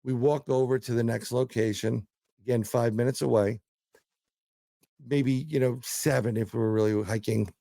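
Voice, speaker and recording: A man's voice: mid-range voice, creaky, mellow, no room sound. A man, a paranormal investigator, telling a story as a guest in a casual interview; he rambles, repeats words and acts out quotes.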